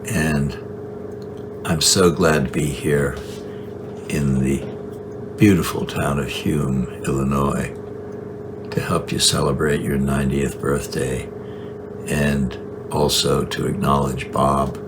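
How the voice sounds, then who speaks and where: A man's voice: extremely low pitch, little pitch movement, slow, long pauses, noisy background. A man recording a joking birthday video message for his mother-in-law, with dry, wry humor. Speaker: son-in-law sending video greeting.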